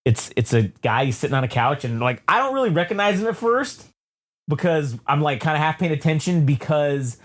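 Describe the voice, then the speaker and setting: A man co-hosting a podcast tells a rambling, profane story, swearing constantly and restarting sentences. His voice sits high and swings wildly in pitch. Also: big pitch swings, moderate pace. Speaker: podcast co-host. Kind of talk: profane, rambling casual chat.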